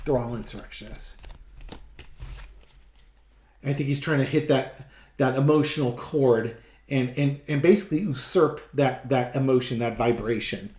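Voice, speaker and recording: A man's voice: mid-range voice, normal speed, long pauses, a little mellow. Sarcastic rambling man in an echoey room. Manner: rambling, sarcastic, many restarts and fillers. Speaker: tarot reader. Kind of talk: casual tarot reading commentary.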